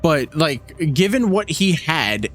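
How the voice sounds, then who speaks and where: Animated, cursing man podcast co-host. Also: fairly high pitch, slow. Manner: animated, profane, mimics film characters mid-rant. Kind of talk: casual podcast chat.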